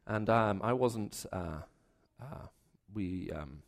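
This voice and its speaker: A man's voice: on the low side, expressive, takes it slowly, gravelly. A man preaching a sermon to a live congregation, conversational and storytelling, with frequent restarts and fillers. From raised in the Middle East.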